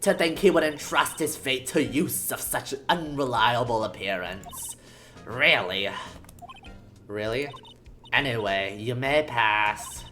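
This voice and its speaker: A woman's voice: very deep voice, lively intonation, slow, fairly bright tone, faint music behind, exaggerated voice. A woman playing a snooty stern security guard. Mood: haughty. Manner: haughty, clipped, dismissive.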